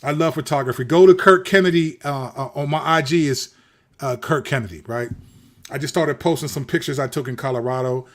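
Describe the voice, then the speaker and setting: A middle-aged man from the Washington, D.C. area, host of his own channel, telling a personal story in a candid, animated, preacherly way with street slang and frequent repeats. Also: mid-range voice, fairly quick.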